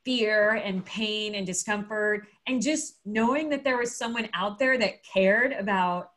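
A woman guest in an interview tells a story a bit slowly in a medium-pitched voice, keeping it casual and animated as she acts out what people said, with lots of fillers.

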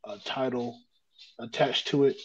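A man's voice: mid-range voice, fairly even intonation, a little slow, lo-fi sound, a little hiss or hum. A man co-hosting a casual wrestling chat, building his points step by step as he explains.

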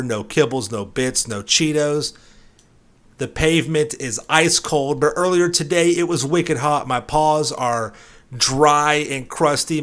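A man's voice: mid-range voice, a bit bright. A young man giving playful gameplay commentary, hamming up a mock-dramatic story with streetwise slang. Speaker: gaming YouTuber.

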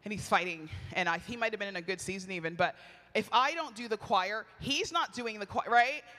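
Woman retreat speaker, bright and forceful, storytelling sermon, laughs a lot, long hall reverb. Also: mid-range voice, fairly quick. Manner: animated, chatty, laughs often, acts out quoted lines.

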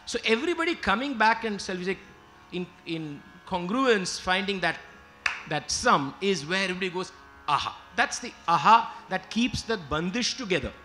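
A man's voice: sits high, animated, moderate pace, pushed and bright. A man giving an emphatic lecture-demonstration on music, explaining and stopping to sing short examples. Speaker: lecturer and singer. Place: lecture hall with live musicians.

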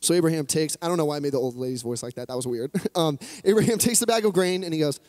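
A man's voice: on the high side, animated, quick pace, few pauses, a little mellow. A man preaching a sermon, retelling an old story in a chatty, humorous way with playful asides. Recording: long hall reverb.

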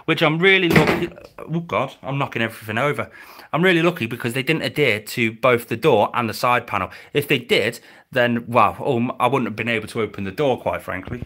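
A man's voice: fairly quick, sharp tone. A man chatting casually on a live stream from home beside his reptile enclosures, thanking viewers and cooing at his pets. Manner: chatty and grateful, slips into a high baby voice for his pets.

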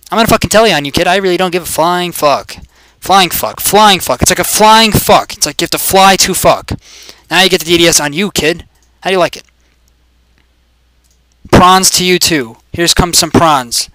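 A man in his twenties giving crude, profane commentary over his gameplay, yelling greetings at other players. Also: high-pitched, lively intonation, moderate pace, no echo. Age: 20s.

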